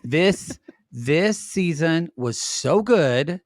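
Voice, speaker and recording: Playful gay podcast co-host, dry sound. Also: male voice, fairly high pitch, expressive, dry recording. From California, USA. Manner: playful, camp, quick to joke. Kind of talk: casual chat.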